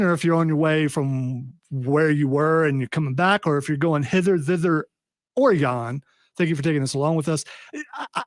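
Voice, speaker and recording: A man's voice: on the high side, no room sound. A man hosting a radio talk show in a studio, rambling and joking through the rundown. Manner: rambling, playful, jokey. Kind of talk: casual studio banter. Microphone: studio microphone.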